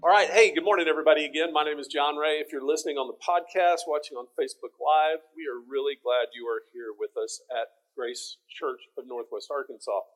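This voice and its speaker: A man's voice: fairly high pitch, steady tone, fairly quick, few pauses, soft background music. A middle-aged man with a Texan accent, teaching a folksy, conversational sermon. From Texas.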